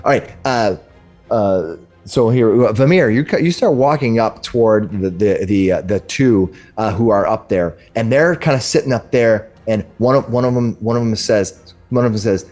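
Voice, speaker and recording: A man narrating a tabletop game as game master, talking haltingly with many restarts. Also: fairly low pitch, darkish tone, faint music behind.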